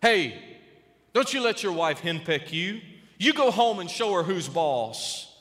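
A man's voice: high-pitched, very animated, measured pace, a bit bright, exaggerated voice. A man preaching, acting out a brash counselor who pushes a husband to assert himself. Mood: pushy. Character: brash male secular counselor giving advice. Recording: long reverb of a large hall.

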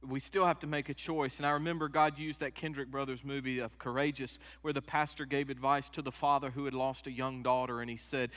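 A middle-aged man preaching a sermon, moving from quiet personal stories to loud, emphatic peaks. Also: medium pitch, little pitch movement, fairly quick, few pauses. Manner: emotional storytelling, rising to loud emphatic peaks. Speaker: pastor. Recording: long hall reverb.

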